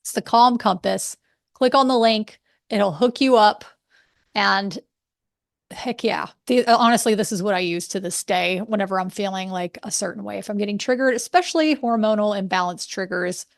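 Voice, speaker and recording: Animated woman, gravelly edge. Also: medium pitch, moderate pace, no room sound, studio quality. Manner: animated, laughs often, acts out both sides of a story. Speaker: podcast host. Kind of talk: casual storytelling monologue.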